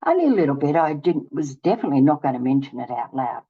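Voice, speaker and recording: An older woman hosting her channel rattles through a personal story quickly, with few pauses, acting out both halves of each conversation in a casual way. Her deep voice is sing-song, warm and husky, heard through a muffled recording.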